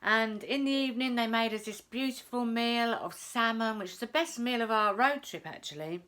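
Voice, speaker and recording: A woman's voice: fairly high pitch, moderate pace, fairly bright tone. A middle-aged woman from the north of England, telling a personal story to camera in a chatty way, often repeating phrases. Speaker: self-help vlogger.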